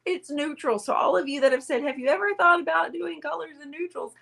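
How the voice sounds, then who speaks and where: A woman with a high, gravelly, fairly bright voice talks briskly while hosting a relaxed live painting stream. She chats and rambles to viewers, sitting close to the camera at an indoor table away from her usual setup.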